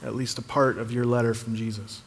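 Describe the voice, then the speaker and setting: A man leading a church service as pastor, relaxed and joking as he invites people up. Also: medium pitch, brisk, gravelly, a little hiss or hum. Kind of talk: sermon. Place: large church hall. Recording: reverberant hall, faint ambience.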